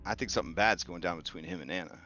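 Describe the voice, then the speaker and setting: Male game master, casual and jokey, low voice, slightly muffled call audio. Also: very fast, sharp tone, soft background music. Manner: chatty, joking, rambling. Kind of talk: casual tabletop game narration.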